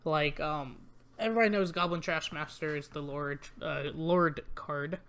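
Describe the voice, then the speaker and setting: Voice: mid-range voice, normal speed, a bit bright, clear, resonant tone. A channel host reviewing new trading card spoilers in a casual, rambling way, with many ums and uhs, reading card text aloud and grumbling about weak cards.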